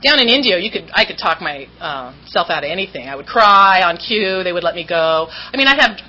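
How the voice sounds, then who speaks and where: A woman's voice: fairly low pitch, lively intonation, a little fast, bright, forceful tone, dull audio. A woman from Southern California candidly telling her recovery story at a meeting, self-mocking and acting out what people said.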